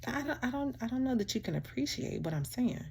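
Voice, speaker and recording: A woman vlogger giving a heartfelt motivational talk to camera, animated and preachy, often laughing and calling the listener "child" and "baby". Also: fairly high pitch, fast talker, breathy edge.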